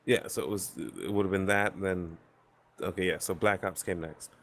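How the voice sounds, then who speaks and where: Deep-voiced opinionated man. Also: steady tone, moderate pace, a bit bright. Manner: opinionated, explaining. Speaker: panelist. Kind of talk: casual round-table chat.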